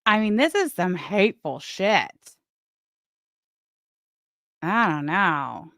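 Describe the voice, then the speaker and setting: A woman's voice: fairly low pitch, sing-song, measured pace, fairly bright tone, dry recording, clean studio sound. A woman co-hosting a live stream, talking casually in a blunt, profane and scornful way. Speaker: co-host of a live commentary stream.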